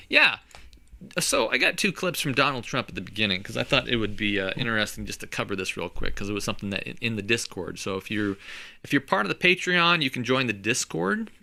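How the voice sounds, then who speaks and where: A man's voice: on the low side, sing-song, brisk, gravelly, pushed and bright. A man hosting a podcast, chatting casually and animatedly, laughing often and repeating words as he thinks aloud. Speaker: podcast host. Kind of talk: casual chat.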